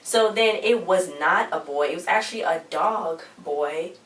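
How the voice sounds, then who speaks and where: A woman's voice: lowish voice, a little slow. Slangy young woman recapping a show. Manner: slangy, rambling, animated retelling. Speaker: TV episode recap vlogger. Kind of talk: casual chatty recap. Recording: echoey room, distant mic.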